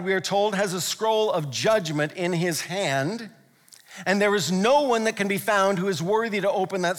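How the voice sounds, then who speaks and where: Male pastor, high voice, impassioned sermon delivery, long hall reverb. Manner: impassioned, builds to loud repeated exclamations.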